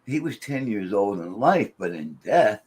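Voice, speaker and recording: A man's voice: fairly low pitch, sing-song, unhurried, a little mellow, breathy edge. Rambling man in casual chat. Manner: rambling, with many restarts, quoting spirits. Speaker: paranormal investigator.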